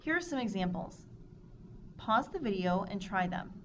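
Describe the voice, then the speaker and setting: A woman's voice: mid-range voice, big pitch swings. Woman teaching Spanish, lo-fi noisy recording. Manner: clear, measured explanation with drilled verb forms. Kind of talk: scripted lesson narration. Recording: dull lo-fi recording with audible noise.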